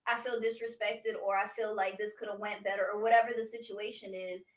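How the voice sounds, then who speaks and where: A woman's voice: medium pitch, little pitch movement, fairly quick. A woman co-hosting a casual group chat, earnestly explaining her view at length. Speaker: podcast co-host. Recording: roomy, distant mic.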